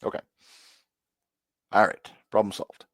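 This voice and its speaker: A man co-hosting a podcast in casual chat, relaxed and full of fillers. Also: a little slow, dry recording. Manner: relaxed, filler-heavy, chatty. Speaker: podcast co-host.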